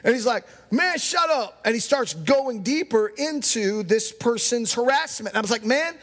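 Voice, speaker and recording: A man pastor preaching a sermon with emphatic delivery, at times raising his voice to a shout. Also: very high voice, expressive, normal speed, in a large hall.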